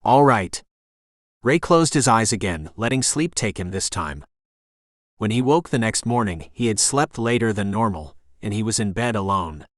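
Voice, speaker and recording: Calm male audiobook narrator. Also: on the low side, moderate pace, no room sound, clean studio sound. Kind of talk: scripted narration.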